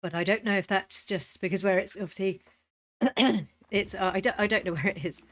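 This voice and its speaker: A British woman in her thirties chatting casually and rambling cheerfully while playing a game. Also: medium pitch. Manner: rambling, chatty, quick to laugh. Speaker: gaming vlogger. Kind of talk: casual chat over gameplay. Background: faint game music.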